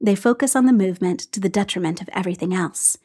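A calm, dry-humored man, read by a woman in her own voice, steady and measured. He speaks in even, understated phrases with a quiet fondness underneath. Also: medium pitch, husky, close to an everyday voice.

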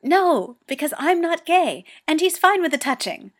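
A woman with a very high, pushed-up voice and big pitch swings reads a story aloud at normal speed, amateur audiobook style. She voices a flustered, defensive teenage boy Go player who speaks in raised, indignant bursts.

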